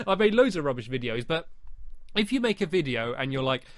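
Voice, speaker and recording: A man's voice: fairly high pitch, big pitch swings, moderate pace, no echo, clean studio sound. A man hosting a podcast, giving casual advice in a chatty, rambling way full of fillers. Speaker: podcast host.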